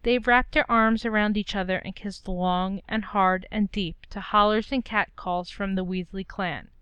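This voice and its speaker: A woman reading a story aloud in a steady, gentle way. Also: medium pitch, a little slow, clear, resonant tone, no room sound, muffled recording. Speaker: story reader. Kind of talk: reading fan fiction aloud.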